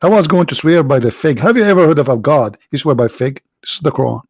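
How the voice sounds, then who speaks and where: A man with a gravelly, creaky voice delivers a mocking commentary monologue, firing off sarcastic rhetorical questions. His voice sounds tired, and the recording is dry and close with no room sound. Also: on the high side, animated, quick pace, darkish tone, no room sound. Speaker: video host and preacher.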